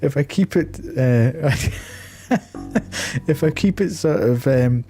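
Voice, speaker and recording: A man's voice: on the high side, animated, slow, dark tone. A Scottish man streaming a game live, chatty and self-deprecating, laughing often. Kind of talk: live game playthrough, reading dialogue.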